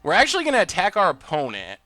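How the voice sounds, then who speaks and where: Excitable guy streaming a card game, voice swoops all over, dry close sound, faint music behind. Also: sits high, fast talker, no echo. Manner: excitable, bursts into loud cheering; chatty, thinks out loud about plays. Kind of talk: live gameplay commentary.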